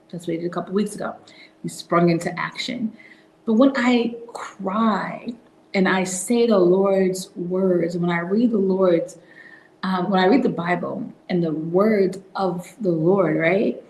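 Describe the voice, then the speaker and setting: A woman hosting a casual devotional talk, soft-spoken and reflective, now and then dropping into a whisper. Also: lowish voice, echoey room, a little hiss or hum, low-quality recording. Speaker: host.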